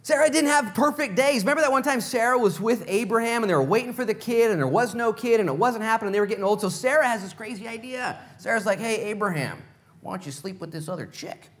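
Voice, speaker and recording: A man preaching a sermon, animated and playful, telling stories in acted voices and asking the congregation direct questions. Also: very high-pitched, fast talker, few pauses. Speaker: pastor.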